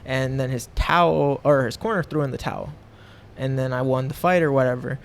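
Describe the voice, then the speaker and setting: A man's voice: medium pitch, fairly even intonation, a little fast. Rambling young man, faint background noise. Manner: rambling, many fillers and restarts. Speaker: guest, professional MMA fighter. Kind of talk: casual podcast conversation.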